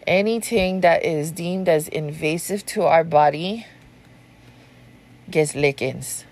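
A woman's voice: deep voice, slow, darkish tone. A woman, hosting a podcast and telling a story in a casual way. She talks freely, swears, laughs often and says "you know" a lot. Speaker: podcast host.

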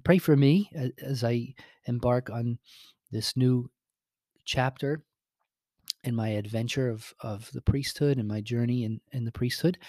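A man's voice: medium pitch, a little mellow, dry recording, clean studio sound. A young man, a priest and school chaplain, giving a chatty spoken update full of ums and little asides.

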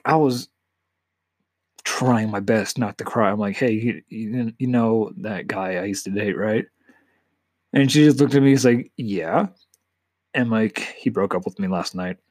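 An eighteen-year-old man talks through his own story on a solo podcast, candid and rambling, with plenty of swearing. His voice sits at an ordinary pitch for a man. The sound is dry and close, with no room around it. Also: no echo. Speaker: podcast host. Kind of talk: casual solo podcast confession.

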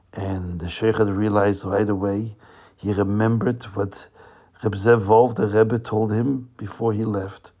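A man telling a religious folk tale in an animated way, often repeating phrases for emphasis. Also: fairly low pitch, a little slow. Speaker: storyteller.

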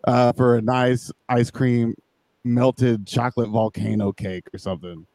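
A man's voice: mid-range voice, level tone, unhurried, a little mellow, no room sound. A man co-hosting a podcast, rambling and cursing, laughing through his own jokes. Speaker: podcast co-host. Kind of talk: casual chat.

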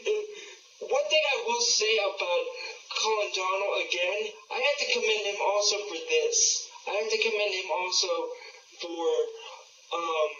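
A man's voice: high voice, a little slow, sharp tone. A man co-hosting a podcast, chatting casually and enthusiastically, often repeating himself. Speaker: podcast co-host. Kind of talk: casual chat. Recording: echoey, distant, dull lo-fi sound with faint hiss.

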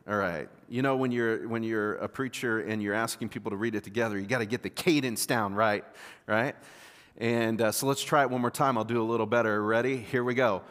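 A man's voice: mid-range voice, normal speed, a bit bright. A man preaching a sermon in a conversational way, often repeating words and asking the congregation questions. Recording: long hall reverb.

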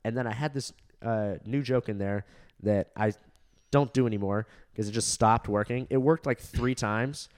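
Young male comic, mid-pitched, loose and profane in casual chat. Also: moderate pace, a little mellow. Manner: casual, profane, laughing, lots of fillers. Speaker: stand-up comedian.

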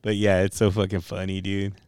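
A man's voice: low voice, monotone, brisk, darkish tone, clear, resonant tone. A man co-hosting a podcast, telling a story in casual chat, swearing constantly and acting out his own outbursts. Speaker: podcast co-host.

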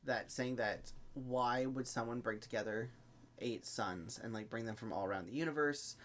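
Man, podcast co-host, plot recap, halting with fillers, mid-range pitch, faint noise behind. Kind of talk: casual chat recapping a TV episode.

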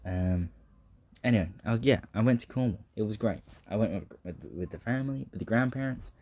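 A man's voice: on the low side, a little fast, a little mellow, slightly rough. A young man with a southern English accent talking casually in a rambling monologue, swearing freely, laughing often and drifting into tangents. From southern England.

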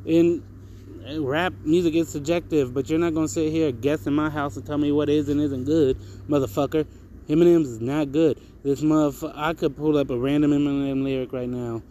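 A man's voice: fairly high pitch, fairly even intonation, normal speed, dark tone, slight background noise. A man hosting his own podcast from home, ranting casually with heavy swearing and mocking asides. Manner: profane, heated ranting, mocking. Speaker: podcast host. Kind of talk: casual solo rant. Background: cars passing outside.

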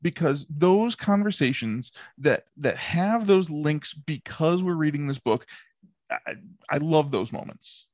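A man's voice: a little high, expressive, measured pace, darkish tone, dry recording, studio quality. A man hosting a casual book club podcast, talking enthusiastically and laughing often. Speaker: podcast host.

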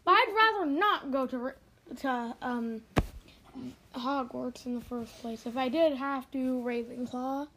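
A woman chatting casually in a high voice, pausing on fillers as she thinks. Faint noise hums under the recording. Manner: hesitant, with fillers. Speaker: listener. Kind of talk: casual chat.

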